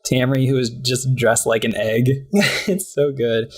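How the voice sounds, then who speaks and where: Man, podcast co-host, easygoing recap chat, pops into silly high voices. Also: level tone, a little slow, breathy edge. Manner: chatty, acts out lines in high voices, laughs often. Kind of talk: casual chat recapping a cartoon.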